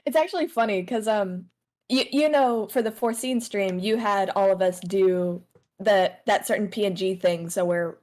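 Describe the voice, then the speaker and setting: A woman's voice: medium pitch, moderate pace, a little mellow. A woman guest on a live stream call, chatting playfully and telling a funny story with lots of giggles. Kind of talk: casual chat.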